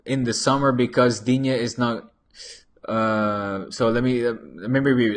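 A man's voice: medium pitch, steady tone, unhurried. A man hosting a live football channel, chatting casually, reading viewer comments and rambling with many restarts and stray Spanish phrases, into a desk microphone.

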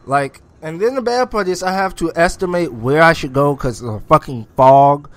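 A man giving casual gameplay commentary, excitable, swearing often and taunting enemies as he plays. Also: fairly high pitch, normal speed, dry recording.

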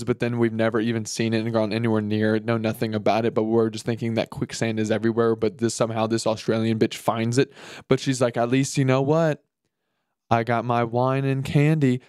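A man's voice: medium pitch, smooth, no echo, studio quality. A man hosting his own podcast, ranting casually and crudely, mocking things and putting on silly voices. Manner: profane, animated, mocking, puts on silly voices. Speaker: podcast host. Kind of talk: casual solo comedic rant.

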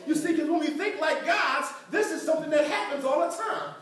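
A woman's voice: high-pitched, brisk, a bit bright. A woman pastor preaching a sermon to her congregation, emphatic and laughing often as she talks. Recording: echoey church from far off.

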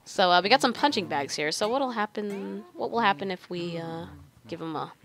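A young woman giving gameplay commentary into a desk microphone, excitable and quick to swear in bursts of frustration. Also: medium pitch, a crowd in the background. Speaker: let's play host.

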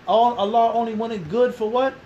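A man's voice: extremely high pitch, normal speed, warm tone, lo-fi sound, slight background noise. A man in his thirties with a Philadelphia accent, giving an interview that turns into a lecture, asking the room rhetorical questions and repeating his points. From Philadelphia, USA. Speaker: interviewed Islamic teacher.

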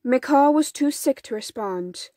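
A woman reading a folktale storybook aloud in an unhurried, soft storytelling manner. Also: sits high, expressive, no room sound. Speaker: storybook reader. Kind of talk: children's storybook narration.

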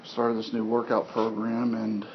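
A man's voice: fairly low pitch, completely flat delivery, unhurried. A man from Missouri with a Southern accent, teaching a class in a casual, rambling way with lots of fillers. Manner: rambling, with many fillers and restarts. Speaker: instructor. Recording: dull lo-fi classroom recording with faint hiss.

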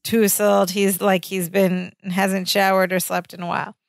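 A woman co-hosting a laid-back podcast, walking through a sitcom scene by scene and slipping into the characters' lines as she goes. Her voice sits at an ordinary middle pitch. The recording is close and dry, with no room sound. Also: flat delivery, normal speed, creaky, no echo. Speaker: podcast co-host. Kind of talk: casual chat recapping a sitcom episode.

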